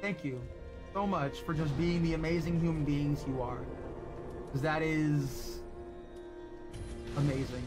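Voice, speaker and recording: A young man streams a game with music in the background, speaking a little slowly in a steady, fairly high voice and pausing often. His live chat with viewers is emotional: he's teary, grateful, and swears a lot.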